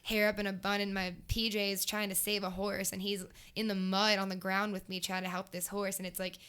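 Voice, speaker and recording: A young woman, a country singer, chatting as a guest and telling lively stories with acted-out quotes. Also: mid-range voice, a little fast, smooth. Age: young adult. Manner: enthusiastic storyteller, acts out quotes. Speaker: guest, country music artist. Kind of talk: casual interview chat. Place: race shop.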